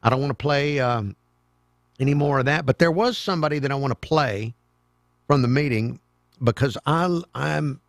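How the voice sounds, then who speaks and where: A man hosting a talk radio show, delivering a sarcastic, mocking monologue with sudden loud outbursts. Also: medium pitch, normal speed, no room sound. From American South. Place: radio studio. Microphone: studio microphone.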